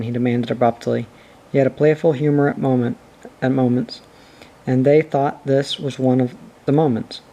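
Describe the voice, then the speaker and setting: Mellow-voiced man reading a storybook. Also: mid-range voice, steady tone, moderate pace. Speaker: narrator.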